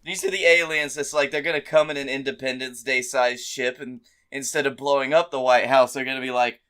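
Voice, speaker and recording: A man co-hosting a comedy podcast, chatting casually and dropping dry, quick comic asides. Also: mid-range voice, steady tone, fairly bright tone, clear, resonant tone. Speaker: podcast co-host.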